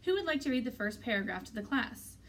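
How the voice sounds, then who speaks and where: A woman voicing a patient schoolteacher who speaks politely and with pity, in a measured classroom tone, a little off-mic. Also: fairly high pitch, sing-song, distant mic. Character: patient, gently pitying female schoolteacher. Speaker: teacher character.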